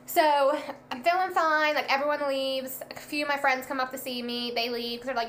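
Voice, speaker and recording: A young woman telling a personal story in a casual, animated way, acting out the quoted lines. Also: high-pitched, normal speed, slight background noise. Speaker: guest telling a birth story.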